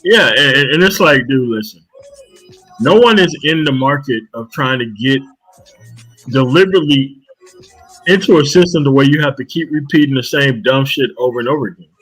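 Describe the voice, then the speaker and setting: Husky, blunt man on a panel. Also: medium pitch, normal speed, a bit bright, faint music behind, poor audio. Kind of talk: casual chat.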